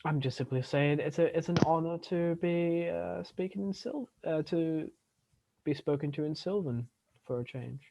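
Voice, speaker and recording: A man voicing a gracious female elven high princess in a formal, courteous way. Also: normal speed, gravelly, warm tone, highs cut off.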